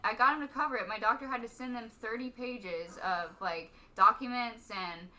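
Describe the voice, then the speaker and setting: A woman from Texas, a stand-up comic, chatting as a podcast guest in a rambling way, full of "like" and quick laughs. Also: on the high side, pushed and bright, distant mic. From Stephenville, Texas. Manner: rambling, heavy use of "like", laughs often. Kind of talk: casual podcast chat.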